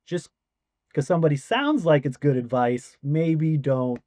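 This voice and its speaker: A man guest on a podcast, casually telling a story, animated and swearing, acting out quoted voices. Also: a little high, a little slow, no echo.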